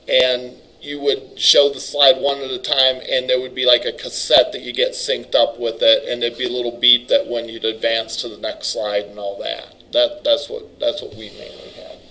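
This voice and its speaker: A middle-aged male instructor giving a classroom lecture in a loose, chatty way. His voice is bright and forward, and he often breaks off mid-sentence to start again. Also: medium pitch, completely flat delivery, moderate pace, hardly any pauses, poor audio. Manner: rambling, casual, self-interrupting. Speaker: college instructor.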